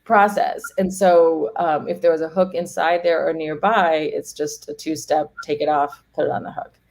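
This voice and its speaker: With a deep, slightly mellow voice and fairly even intonation, a woman appears as a home organizing guest in a casual interview. She speaks at a moderate pace, talking freely, laughing often, and acting out people's words, with slight background noise present.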